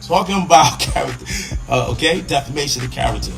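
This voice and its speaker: A man's voice: mid-range voice, quick pace, gravelly, faint music behind, rough recording. A man giving emphatic, lecturing commentary on a live online show.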